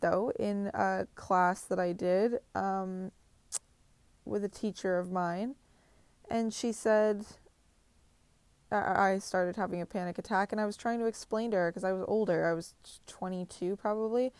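A woman's voice: medium pitch, a little slow, darkish tone, clear, resonant tone, dry recording. A woman in her twenties talking bluntly and passionately in a confessional vlog, swearing heavily and speaking with emphasis. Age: 20s. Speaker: vlogger.

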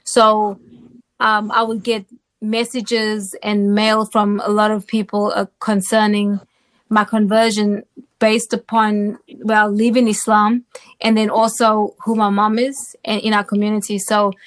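A woman from South Africa, an interview guest telling her personal testimony in an animated way and often checking in with the listener. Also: medium pitch, unhurried.

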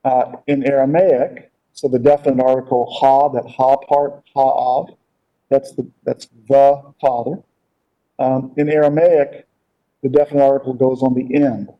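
A man teaching a casual Bible class, talking in a halting way with many fillers and repeated words, on a dull lo-fi recording. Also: medium pitch, flat delivery.

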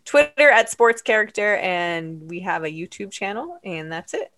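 Female podcast co-host, bubbly, animated pitch, dry close sound. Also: moderate pace, no echo. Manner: bubbly, laughing. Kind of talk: casual podcast chat.

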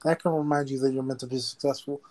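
A man's voice: medium pitch, fairly even intonation, fast talker, a little mellow, rough recording. A man hosting a live motivational talk show, emphatic and preachy, repeating lines for effect. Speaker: host.

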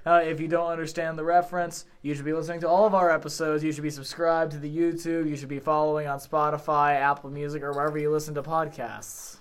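A man's voice: fairly high pitch, level tone, quick pace, hardly any pauses, clean tone. A young man co-hosting a casual podcast, joking and plugging the show. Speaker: podcast co-host. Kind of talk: casual chat.

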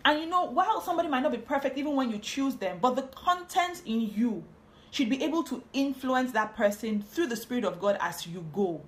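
A woman's voice: sits high, expressive, fairly quick. A woman, hosting a podcast and giving a casual, chatty Bible teaching on marriage, often drifting into asides.

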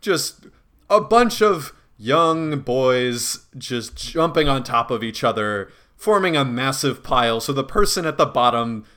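Lively, bright-voiced man chatting on a podcast. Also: mid-range voice, unhurried. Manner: animated, laughs often between phrases; swears casually. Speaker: podcast co-host. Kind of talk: casual chat.

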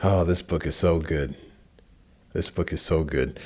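A man teaching a Bible passage in a relaxed, conversational sermon, who rises in pitch for lively asides. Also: a little slow. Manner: casual and animated, jumps higher in pitch for asides. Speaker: pastor.

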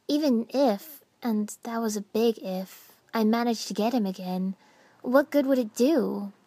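A woman narrating a first-person story with dramatic expression, dropping to hushed whispers at tense moments. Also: on the high side, measured pace, no room sound. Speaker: audiobook narrator.

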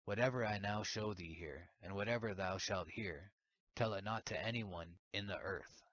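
A stern, solemn angel explains heavenly places in a grave, instructive tone, read by a man. The voice is very low. The recording sounds dull and lo-fi. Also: normal speed, fairly bright tone, dry recording.

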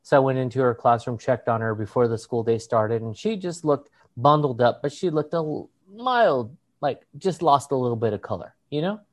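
Animated, foul-mouthed podcast storyteller. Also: mid-range voice, normal speed, few pauses. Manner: animated storyteller who swears freely, laughs and mimics other people's voices. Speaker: podcast co-host. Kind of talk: casual chat, storytelling.

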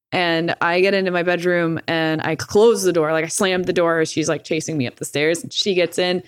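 A young woman, a streamer's guest, casually tells a story in a low, clean voice, recorded dry and at studio quality. She swears a lot and fills her speech with "like," retelling things animatedly and laughing along the way.

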